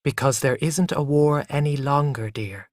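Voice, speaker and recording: A man voicing a patient, gentle mother who speaks softly and soothingly, in a graded reader story. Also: a little high, moderate pace, no room sound, studio quality, lightly acted. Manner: soft, hushed, soothing.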